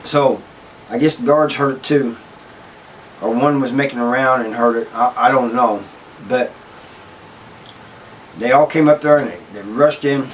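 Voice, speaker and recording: Male host, mid-pitched, loose rambling storyteller, recorded a bit off-mic. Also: measured pace, pauses often, recorded from a distance, slight background noise, poor audio. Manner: rambling, with frequent restarts and "you know" asides. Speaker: channel host telling prison stories. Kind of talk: casual storytelling to camera.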